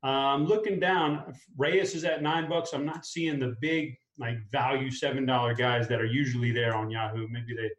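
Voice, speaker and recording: A man hosting a casual fantasy sports chat, upbeat and talking his picks through out loud. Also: mid-range voice, steady tone, normal speed, few pauses, roomy sound, poor audio. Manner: upbeat, talks through a lineup aloud. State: clearing a tickle in his throat. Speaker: fantasy sports show host.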